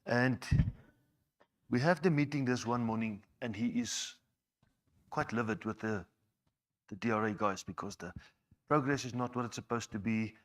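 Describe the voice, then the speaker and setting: A man's voice: mid-range voice, moderate pace, pauses often. A man giving a personal testimony to a church, conversational and repeating words as he goes. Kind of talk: personal testimony told to a congregation.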